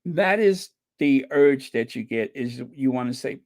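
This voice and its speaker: Slow, rambling male chat host. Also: medium pitch, lively intonation, darkish tone. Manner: rambling, chatty, with many fillers and laughs. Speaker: channel host. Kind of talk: casual commentary to a live chat.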